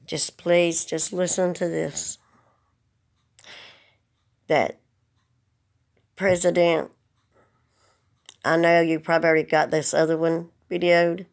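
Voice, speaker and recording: A woman's voice: on the low side, flat delivery, takes it slowly, creaky, pauses often. A woman speaking earnestly to the camera, holding back tears as she pleads. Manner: earnest, pleading, plain-spoken. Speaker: vlogger. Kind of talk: emotional direct-to-camera message.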